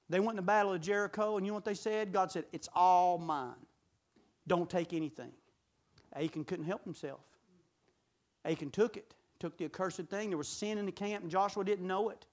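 Preacher guy, really high voice, goes from hollering to low talk, folksy questions. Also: a little fast. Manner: swings from shouting to low intimate talk. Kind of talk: sermon.

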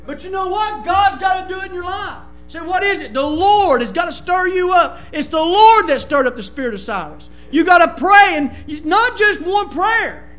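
Man preaching, very high and bright tone, shouts at the peaks, music faint behind. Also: expressive, moderate pace, hardly any pauses, reverberant. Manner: impassioned, often shouting. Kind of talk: sermon.

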